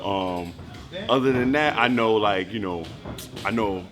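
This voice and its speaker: A man's voice: fairly low pitch, measured pace, over music. A man chatting relaxedly, hesitating often while searching for words. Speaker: camp member. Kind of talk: casual interview chat.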